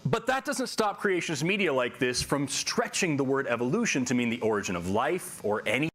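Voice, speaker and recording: A man narrating a scripted video in an explanatory, animated way. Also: mid-range voice, a little fast.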